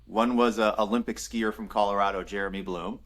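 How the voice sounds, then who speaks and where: A man's voice: fairly low pitch, brisk. A man in his thirties, a former football player and podcast guest, telling stories casually with lots of laughter and acted-out dialogue. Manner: animated storyteller, acts out quoted dialogue, laughs often. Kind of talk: casual storytelling interview.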